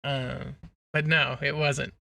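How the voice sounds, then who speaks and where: A man's voice: medium pitch, slow pace, creaky, no room sound. A man co-hosting a podcast in casual chat, swearing freely and laughing as he recounts scenes. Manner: profane, laughing, animated storytelling. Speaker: podcast co-host.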